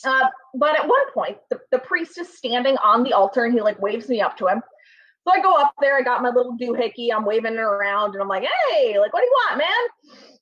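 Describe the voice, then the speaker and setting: Brisk and expressive, a young woman with a slightly high, fairly bright voice meanders through a humorous story about herself, full of filler words and self-deprecation. The sound is lo-fi and a bit muffled.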